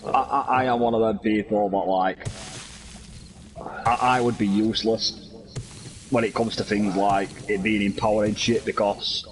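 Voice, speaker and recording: A man's voice: on the low side, steady tone, normal speed, pauses often. A British man chatting casually during a game, rambling and repeating words as he talks. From Britain. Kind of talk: casual chat while gaming. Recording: faint background noise.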